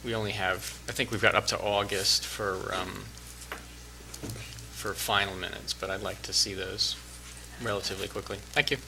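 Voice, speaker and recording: A man on the council making a deliberate, measured request to the clerk during a meeting. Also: fairly low pitch, level tone, gravelly. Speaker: council member. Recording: noisy meeting room recording.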